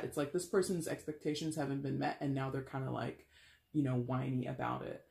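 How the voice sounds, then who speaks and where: A man's voice: mid-range voice, flat delivery, brisk, gravelly, a little mellow. Chatty man in an echoey room. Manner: chatty, filler-heavy, wry and blunt. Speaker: tarot reader. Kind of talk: casual tarot reading monologue. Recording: roomy echo.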